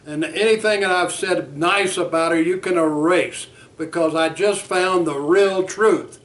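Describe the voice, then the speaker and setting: A man's voice: high voice, normal speed, a bit bright, recorded from a distance. A man voicing an enraged, defiant young male graduate student who insists on his hatred. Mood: furious.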